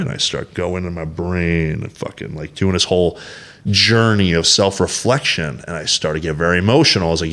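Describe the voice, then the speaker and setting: Low and a bit bright, this bodybuilder's voice runs a little fast. Appearing as an interview guest, he tells candid, casual stories that ramble, swears heavily, speaks bluntly, acts out what people said, and keeps saying "you know" and "like."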